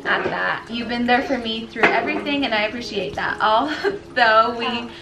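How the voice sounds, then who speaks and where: A woman's voice: a little high, moderate pace, low-quality recording. A pregnant young woman hosting a casual vlog at home, gushing and emotional as she opens gifts. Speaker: vlog host. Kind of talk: casual gift-opening vlog. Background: background music.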